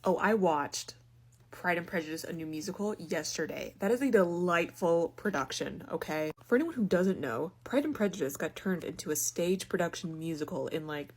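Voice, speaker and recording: A young woman reviewing films in a casual, animated rant, sarcastic and exasperated, with sudden loud outbursts. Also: lowish voice. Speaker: book and film reviewer. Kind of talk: casual ranting review monologue.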